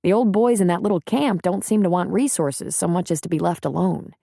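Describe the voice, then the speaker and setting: A woman voicing a calm, plainspoken small-town man in an audiobook reading, with steady, reassuring delivery. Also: fairly low pitch, brisk, vocal fry, no echo, studio quality.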